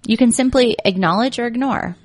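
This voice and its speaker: A woman's voice: a little high, fairly quick. A woman executive coach chatting casually, acting out little quoted voices and laughing often. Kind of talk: casual advice chat.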